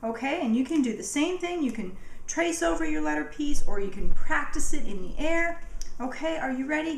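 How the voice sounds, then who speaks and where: Upbeat woman teaching little kids their letters, bouncy high voice, echoey room. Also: expressive, gravelly, slight background noise. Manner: cheerful, encouraging, sounds words out slowly. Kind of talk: children's lesson. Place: home.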